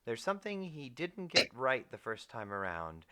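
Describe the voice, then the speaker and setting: A man's voice: mid-range voice, very animated, normal speed, background noise. A man hosting a live online reading, upbeat as he reads a summary and hands off to the narrator. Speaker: host.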